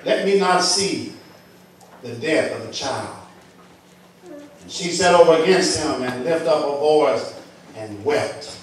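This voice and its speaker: A male pastor with a Southern US accent, reading scripture slowly and then preaching with rising emphasis in a church. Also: fairly high pitch. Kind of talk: sermon. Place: church sanctuary. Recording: echoey hall, distant mic.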